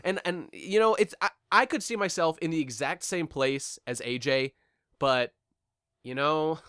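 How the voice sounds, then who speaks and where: A man's voice: on the high side, a little slow, a bit bright, clear, resonant tone, no echo, studio quality. A man co-hosting a podcast in casual chat about a cartoon episode, wry and hesitant with many restarts. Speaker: podcast co-host.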